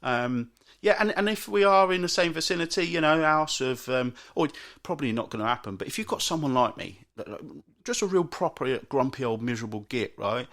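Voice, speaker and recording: A British man hosting a solo podcast, grumbling in an exasperated rant with frequent restarts and big jumps in pitch. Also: expressive, a little fast, fairly bright tone. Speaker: podcast host. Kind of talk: solo ranting monologue.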